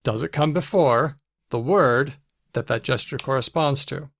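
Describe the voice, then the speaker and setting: A man's voice: mid-range voice, unhurried, fairly bright tone, no room sound. Guy co-host walking thru a study, dry close sound, mid voice. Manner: explanatory, discusses research studies. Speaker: podcast co-host. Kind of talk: casual chat. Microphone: video call.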